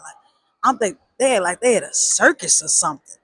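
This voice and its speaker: A woman telling a personal story in a casual, animated way, with emphatic repeats and slang. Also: mid-range voice, a little fast, husky, no echo.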